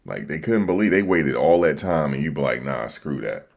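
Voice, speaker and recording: A man's voice: extremely low pitch, lively intonation, a little fast, a little mellow. A man with an East Coast accent hosting a casual livestream, reacting to the news in slangy, repetitive chat. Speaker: livestream host reacting to election results. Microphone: desk microphone.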